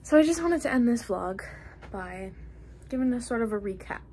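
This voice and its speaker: A woman's voice: a little high, expressive, moderate pace, mellow, slight background noise. A young woman in her late teens narrating her vlog in a chatty, gushing way. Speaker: vlogger.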